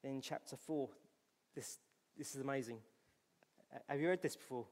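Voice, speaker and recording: A man with a Scottish accent preaching a sermon in church, reading scripture aloud and swinging from loud to hushed. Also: mid-range voice, normal speed, in a large hall. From Scotland.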